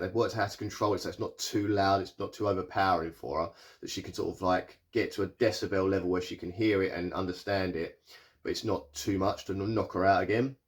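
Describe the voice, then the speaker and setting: Guy rambling through a tv recap, lowish voice, lots of um and like. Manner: rambling, lots of fillers and restarts, paraphrases characters in quick asides. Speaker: TV show reviewer. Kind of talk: casual recap and review.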